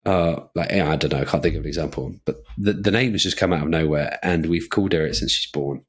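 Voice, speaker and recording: A man's voice: a bass voice, fast, husky. A man co-hosting a podcast, talking casually in a loose, meandering way full of fillers. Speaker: podcast co-host. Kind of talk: casual chat.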